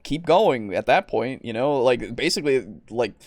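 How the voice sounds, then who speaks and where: Rambling about tabletop games as a podcast co-host, a man speaks at a normal pace with a medium, slightly mellow pitch and lively intonation. He leans on fillers and swears and laughs often, captured in clean studio sound without echo.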